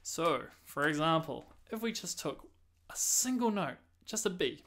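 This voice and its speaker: A man's voice: fairly high pitch, animated, a little slow, background noise. Man teaching, counting rhythms aloud. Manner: explains patiently, counts and sings rhythms aloud. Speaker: saxophone teacher. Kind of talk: music lesson explanation.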